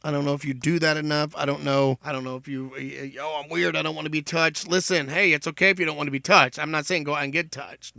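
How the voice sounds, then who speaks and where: A man's voice: fairly high pitch, vocal fry, bright, forceful tone, no echo, clean studio sound. A man hosting his own show, talking earnestly to his listeners in a heartfelt solo monologue, often repeating himself. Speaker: podcast host.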